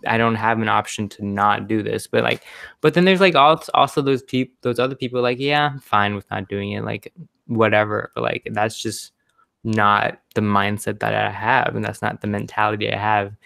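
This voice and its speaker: A man's voice: fairly low pitch, moderate pace, creaky, a bit bright, dry recording. A young man hosting a podcast, chatting casually and rambling with lots of "like". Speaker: podcast host. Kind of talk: casual chat.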